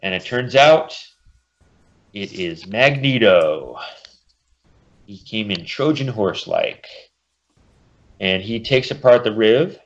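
A man with a fairly low voice talks through a comic book plot in casual podcast chat. He keeps up the recap with his own asides. The recording sounds dull and lo-fi. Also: sing-song. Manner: summarizes plots and puts on quick character voices.

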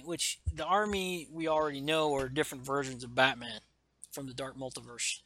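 A man's voice: mid-range voice, fairly even intonation, moderate pace, sharp tone, slight background noise. A man reading a comic aloud in casual chat, enthusiastically acting out the characters' lines with lots of fillers. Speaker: comic book podcast host.

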